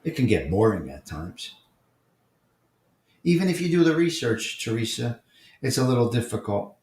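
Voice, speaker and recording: A man's voice: mid-range voice, sing-song, normal speed, a little mellow. A man with a New York accent hosting a casual live morning chat stream, answering viewers by name and repeating his points with emphasis. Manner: repetitive and emphatic, addresses chatters by name. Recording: roomy echo.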